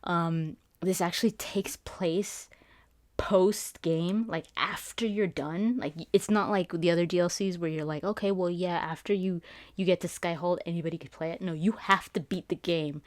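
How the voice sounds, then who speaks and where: A woman with a fairly low voice talks through a game trailer in a casual, excitable ramble. She restarts her sentences often as her thoughts run ahead of her. The sound is dry and close, with little room around it. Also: fairly quick, no echo. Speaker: gaming YouTuber doing Let's Plays.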